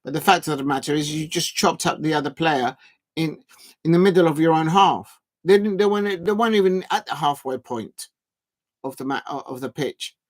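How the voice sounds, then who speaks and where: A man's voice: a little high, a little fast. Chatty guy streaming football. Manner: rambling and chatty, drawing out words as he types. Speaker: football watch-along streamer. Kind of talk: casual live football chat.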